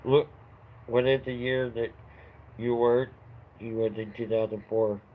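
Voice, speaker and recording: A man's voice: mid-range voice, fairly even intonation, unhurried, warm tone, poor audio. A middle-aged man hosting a livestream, telling a rambling story in a casual chat and laughing at his own tale. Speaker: livestream host.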